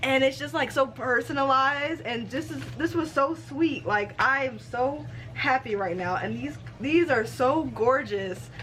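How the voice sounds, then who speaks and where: A woman in her twenties vlogging casually, excited and gushing, laughing often and using casual slang. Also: sits high, measured pace, few pauses, a little hiss or hum. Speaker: book vlogger. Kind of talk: casual vlog.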